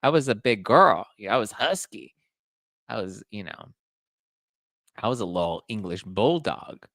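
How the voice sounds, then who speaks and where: Male podcast host, casual and chatty gossip style, low gravelly tone, dry booth sound. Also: expressive, unhurried, fairly bright tone, no room sound. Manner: chatty, reads audience comments aloud. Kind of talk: casual pop-culture gossip chat.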